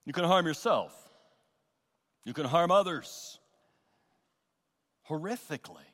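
A man preaching a sermon as pastor, earnest and emphatic, with pauses and repeated phrases. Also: fairly high pitch, lively intonation, a bit bright, long reverb tail. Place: church sanctuary.

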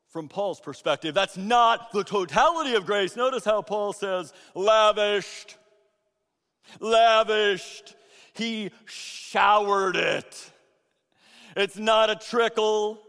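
A man preaching a sermon as pastor, swinging between loud emphatic bursts and hushed asides. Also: sits high, slow. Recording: long reverb of a large hall.

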